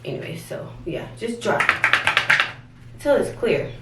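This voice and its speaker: A woman's voice: mid-range voice, sing-song, measured pace, distant mic. Woman, casual tutorial vlog, chatty and slangy, bathroom echo, off-mic. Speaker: vlogger. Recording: roomy, off-mic, faint noise.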